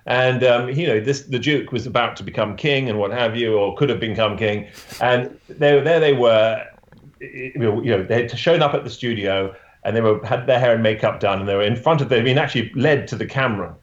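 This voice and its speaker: A portrait photographer tells a story during an interview, often halting, restarting and saying "you know." His voice is mid-range, and the audio sounds dull and reverberant.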